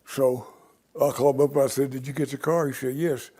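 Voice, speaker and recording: An older man, appearing as an interview guest, spins long, wandering tales from his life and performs the voices of the people in them. His mid-range voice is level and dark with a breathy edge, and he talks fast.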